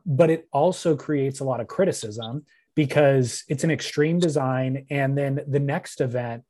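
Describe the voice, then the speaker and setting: A man hosting an interview, asking long, relaxed, rambling questions. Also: mid-range voice, measured pace.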